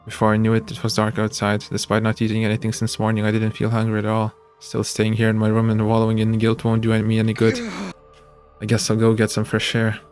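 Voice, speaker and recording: A man streaming a visual novel, reading the narration aloud in a steady voice with small slips. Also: fairly low pitch, quick pace, smooth, soft background music.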